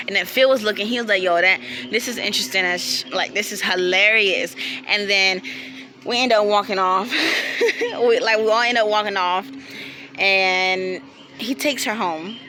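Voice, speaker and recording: A young woman, casually telling a storytime with animated quotes and bursts of laughter. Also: medium pitch, slight background noise. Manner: animated, laughing, quoting friends in quick bursts. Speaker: vlogger.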